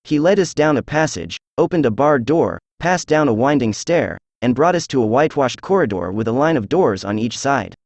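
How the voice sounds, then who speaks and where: A man's voice: medium pitch, no echo. Synthesized man reading a classic story. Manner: even, measured synthetic reading with little change between characters. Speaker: audiobook narrator. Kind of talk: scripted narration.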